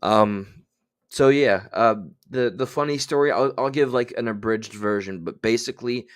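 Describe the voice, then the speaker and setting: A man's voice: mid-range voice, normal speed, clear, resonant tone. A man hosting a casual livestream, chatting loosely and reading out viewer names. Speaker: livestream host.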